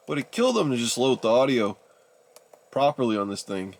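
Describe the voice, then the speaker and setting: A young man in his twenties talks his viewers through a gadget test in loose, rambling commentary. He sounds exasperated and keeps calling his audience "ladies and gentlemen." His voice sits at an ordinary middle pitch for a man. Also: sing-song, normal speed. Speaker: YouTuber reviewing a DVD player. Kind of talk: casual rambling video commentary.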